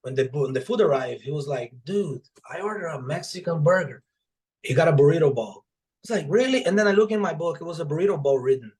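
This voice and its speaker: A young adult man, an author appearing as a podcast guest, tells casual stories in conversation with a slightly high voice and a fast pace. He's animated and profane, swearing plenty and acting out the dialogue he quotes.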